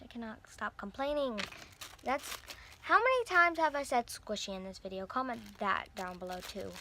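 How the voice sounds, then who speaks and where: A woman's voice: fairly high pitch, lively intonation, normal speed, noisy background. Gushing young woman unboxing toys. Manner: gushing, breathy squeals over cute toys. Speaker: vlogger. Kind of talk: casual unboxing chat.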